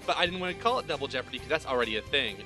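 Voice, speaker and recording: A man's voice: mid-range voice, lively intonation, racing, over loud music. A man hosting a playful quiz game on a podcast, explaining the rules and laughing often. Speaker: quiz host.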